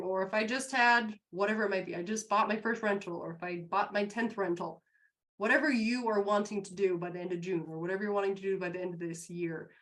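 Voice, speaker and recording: A woman co-hosting a live business show, giving an upbeat, encouraging motivational talk to an online audience. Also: fairly bright tone. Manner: upbeat and encouraging, bursts high acting out quotes.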